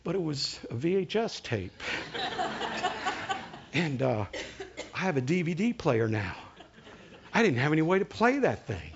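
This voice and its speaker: A man preaching a sermon as a story, animated, slowing right down for dramatic retelling. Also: fairly high pitch, vocal fry, noisy background. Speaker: pastor. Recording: dull lo-fi recording.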